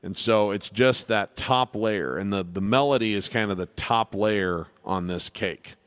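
A man's voice: on the low side, a little slow, clean tone, no room sound, studio quality. A man running a casual live piano Q&A lesson, rambling and self-deprecating, with many restarts. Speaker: piano teacher.

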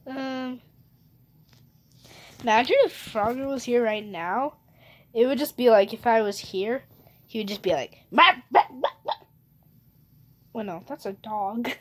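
High, giggly woman streaming a game. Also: unhurried, long pauses, darkish tone. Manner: giggly, rambling, bursts of squeals and cheers. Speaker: gaming video host. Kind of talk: playful live gameplay commentary.

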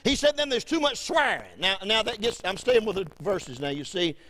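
Preacher, male, high-pitched, folksy storyteller, big swings in volume. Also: very animated, normal speed, a little hiss or hum. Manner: folksy, wide swings from loud to hushed. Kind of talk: storytelling sermon.

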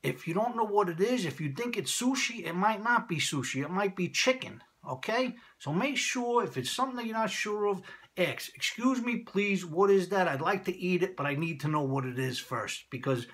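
A man with a Brooklyn accent, his voice husky and rough around the edges yet sharp and bright in tone, pitched a little above the usual. He talks casually and repetitively to camera in a rambling, folksy vlog style. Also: expressive, normal speed. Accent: Brooklyn, New York. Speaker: vlogger.

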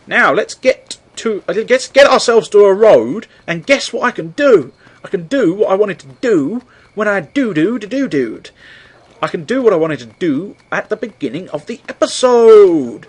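A man's voice: fairly high pitch, animated, normal speed, slightly rough. A young man giving jokey, chatty commentary over a video game, humming tunes along as he plays. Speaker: let's play host. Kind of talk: casual gameplay commentary.

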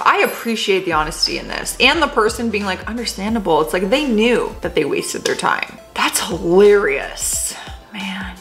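A woman's voice: medium pitch, a bit bright. A woman hosting a casual reaction video, sassy and playful, laughing often as she comments. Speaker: host reading and reacting to text messages.

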